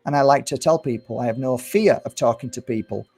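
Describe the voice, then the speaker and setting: A man's voice: medium pitch, fairly quick, vocal fry, dark tone, breathy edge. A man talking casually to camera as a spiritual teacher, rambling and telling stories with acted-out dialogue. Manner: rambling storyteller, acts out quoted dialogue.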